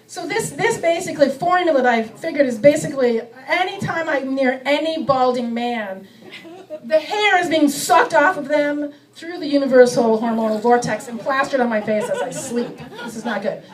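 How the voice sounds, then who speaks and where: A high-pitched middle-aged woman works a comedy club stage, poking fun at herself and slipping into quick voices for her bits. The sound is picked up from a distance, so her voice sits a bit back in the room. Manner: self-mocking, acts out bits with quick voice shifts. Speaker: stand-up comedian. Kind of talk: stand-up comedy set. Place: comedy club stage before a live audience.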